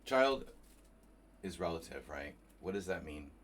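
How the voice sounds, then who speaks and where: A chess streamer from New Jersey casually commentates live on his own game, thinking aloud and chatting with viewers. His low, slightly rough voice has lively intonation and moves at a normal speed.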